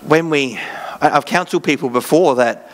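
A man's voice: a little high, normal speed. A man preaching a sermon in church, reading scripture with joking asides in a casual way. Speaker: pastor.

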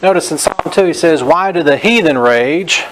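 A man preaching a Bible-teaching sermon, reading scripture slowly and stressing each phrase, then correcting common beliefs in a direct, plain way. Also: fairly high pitch, animated, fairly bright tone, a little hiss or hum, rough recording. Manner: direct, corrective, frequent "notice". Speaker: pastor.

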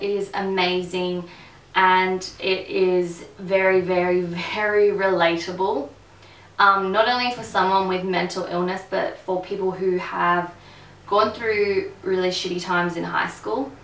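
A woman's voice: mid-range voice, steady tone, a little slow, a bit bright. Chatty woman in an echoey room. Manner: candid, chatty, swears freely. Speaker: beauty vlogger. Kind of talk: casual to-camera chat. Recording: echoey room, mic a bit distant.

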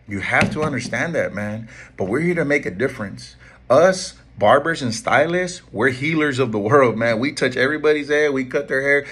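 A man's voice: mid-range voice, a bit bright, husky. A middle-aged man, a barber and shop owner, giving an earnest motivational talk that pleads with his listeners and repeats key lines.

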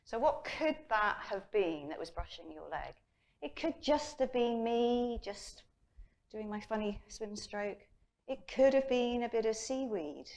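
Middle-aged female speaker from England; lively, chatty conference talk. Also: on the high side, measured pace. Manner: lively storytelling, acts out her inner voice. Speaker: personal development coach. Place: conference hall.

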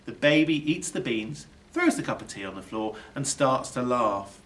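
A male teacher reading a children's picture book aloud with expressive storytelling and dramatic drops. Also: medium pitch, normal speed, recorded from a distance.

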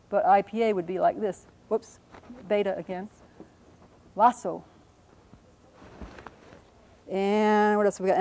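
Captured on a rough recording, a linguistics lecturer with a dark, medium-pitched voice explains a lesson at the whiteboard. She takes her time sounding out example words, stopping to correct her slips and apologize for them.

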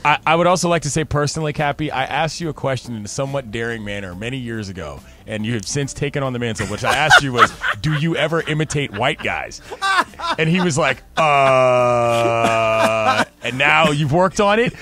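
A man's voice: mid-range voice, expressive, quick pace, background noise. A man co-hosting a sports radio show, bantering playfully in casual chat. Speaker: radio co-host.

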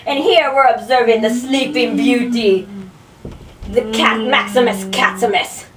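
A woman's voice: a little high, unhurried, crowd noise, close to an everyday voice. A young woman putting on a mock Australian drawl to play a cheery female wildlife show presenter in a homemade skit. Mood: chirpy. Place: bedroom at a sleepover. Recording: echoey room, distant camera mic, noisy.

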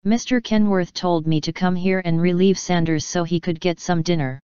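A woman's voice: fairly low pitch, steady tone, moderate pace, mellow, clean tone, dry recording, dull audio, lightly acted. A woman voicing a polite male guard who answers respectfully and deferentially.

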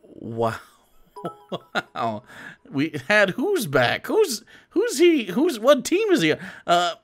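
A man's voice: high voice, bright, forceful tone. A man streaming live, giving sarcastic, mocking commentary on videos. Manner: sarcastic, mocking, laughs often.

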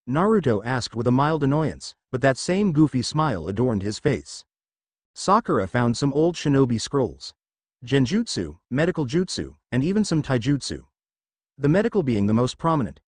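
A man's voice: medium pitch, very animated, moderate pace, dry recording, clean studio sound. A man reading a fan fiction story aloud as narrator.

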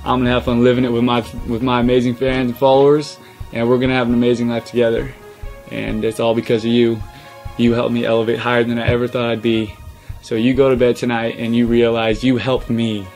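A young man in a personal vlog to his followers, earnest and choked up, pausing often with "um". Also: medium pitch, completely flat delivery, a little mellow, soft background music. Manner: earnest, emotional, many pauses and "um"s. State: choked up, near tears. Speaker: social media creator. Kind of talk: personal vlog talking to camera.

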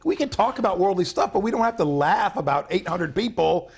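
A man's voice: high voice, animated, brisk, creaky, hardly any pauses, slightly rough. An American man co-hosting a casual podcast, arguing bluntly and swearing. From United States. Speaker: podcast co-host.

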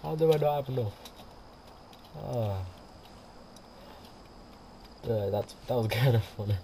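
Over gameplay, a man gives loose, rambling let's-play commentary, chatting and frequently laughing. He talks at normal speed in a medium pitch, recorded on a quiet home mic with music behind and a little background noise.

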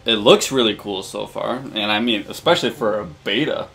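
A man's voice: fairly low pitch, moderate pace, vocal fry. A young man co-hosting a casual let's-play, playful and teasing with his friend. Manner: lively, expressive, playful teasing. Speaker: co-host gamer.

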